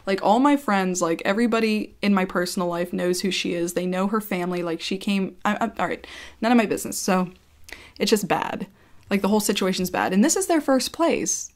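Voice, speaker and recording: A woman sits talking to her camera, rambling through a story about a neighbour. She gets heated and swears freely. Her voice sits at an ordinary middle pitch. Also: a little fast. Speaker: YouTuber telling a story. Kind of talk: casual storytime rant.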